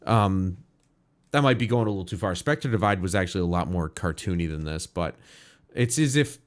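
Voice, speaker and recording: A man's voice: low voice, animated, fairly quick. A man hosting a casual gaming livestream, reacting aloud in a rambling, frank and opinionated way. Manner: rambling, musing aloud, frequent restarts.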